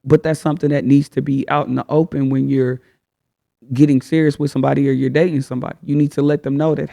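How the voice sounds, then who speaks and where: A man's voice: medium pitch, little pitch movement, fast, gravelly, dark tone. A man hosting a casual advice talk, speaking frankly in slang and firing off rhetorical questions. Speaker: host.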